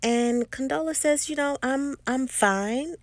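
A woman's voice: high-pitched, a little slow, no room sound. A woman casually retelling a TV episode scene by scene, acting out the characters' lines as she quotes them. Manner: animated retelling with quoted dialogue. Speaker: TV episode recapper. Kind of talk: casual recap storytelling.

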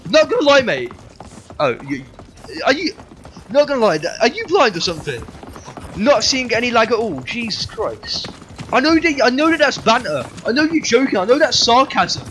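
A man's voice: extremely high pitch, big pitch swings, moderate pace, fairly bright tone, a little hiss or hum. A young man livestreaming a game, bantering with chat in a sweary, joking way. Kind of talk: live game streaming chat.

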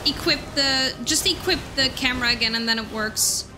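A young woman streaming a game live, chatting with her viewers in an excitable way and swearing now and then, with faint game music behind her. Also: high voice, normal speed. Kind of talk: casual live-stream chat while gaming.

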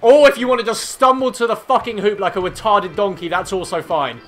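A man giving hyped gameplay commentary, shouting and swearing at the game. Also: sits high, brisk, slight background noise. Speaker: gamer. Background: game music.

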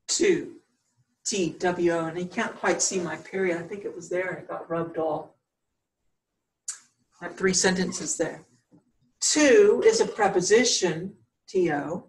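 A woman's voice: lowish voice, distant mic, rough recording. A woman teacher giving a patient grammar lesson, repeating points and checking in with "right?". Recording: voice from across the room.

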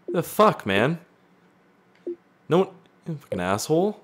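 Loud, joking young man. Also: fairly high pitch, sing-song, a little slow, breathy edge. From Canada. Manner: loud, profane, joking reactions. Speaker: YouTuber reading fan voice messages. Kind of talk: casual gaming vlog commentary.

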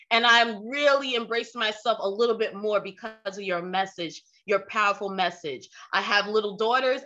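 High bright woman, bubbly panel chatter, laughs a lot. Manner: exuberant, laughs often. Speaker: summit participant. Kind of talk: casual panel chat.

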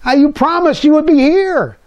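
A man's voice: extremely high pitch, moderate pace, darkish tone, dull audio, pitched above the performer's own voice. An older man voicing himself as an upset little boy who whines and pleads. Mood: whining. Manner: whiny, pleading.

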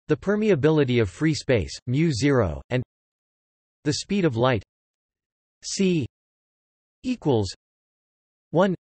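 A male text-to-speech voice reading an encyclopedia article aloud, spelling out formula code letter by letter in a flat synthetic manner. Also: fairly high pitch, no room sound.

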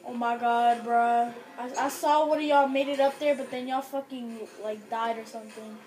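A woman chatting casually with friends while gaming, loud and excitable, swearing freely. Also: a little high, normal speed, faint music behind, low-quality recording. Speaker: gamer playing with friends.

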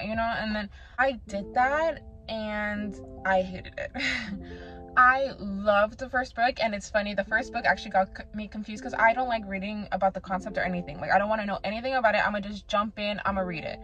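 A woman's voice: mid-range voice, fairly even intonation, a little fast, pushed and bright. A woman reviewing books in a casual vlog chat, rambling and acting out her own past reactions. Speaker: book reviewer. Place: away from her home. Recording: slightly muffled, with background music.

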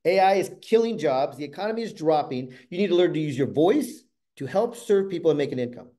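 A middle-aged man telling a motivational story from the stage. His voice sits a little high for a man, yet sounds mellow and warm. He swings between loud, animated bursts and quiet, hushed asides. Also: brisk. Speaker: motivational speaker.

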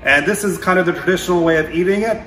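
A man hosting his own cooking channel, talking through a recipe in a relaxed, chatty way with frequent filler words. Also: high-pitched, fast, roomy sound. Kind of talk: casual cooking demonstration.

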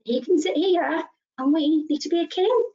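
A woman leading a children's story session, talking to toddlers in an animated sing-song way, gasping with delight and coaxing them to join in. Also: extremely high pitch, normal speed, lo-fi sound. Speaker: early years practitioner.

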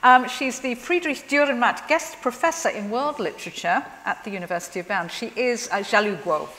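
Chatty woman host interviewing onstage, slightly high voice, echoey hall. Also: brisk. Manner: lively, chatty, laughing. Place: large hall at a live event. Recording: hall reverb from a live stage.

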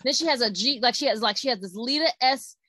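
Chatty woman with higher voice. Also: quick pace, pushed and bright, a little hiss or hum. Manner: chatty, full of "like" fillers, confused and emphatic. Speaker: wrestling show co-host. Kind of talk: casual chat.

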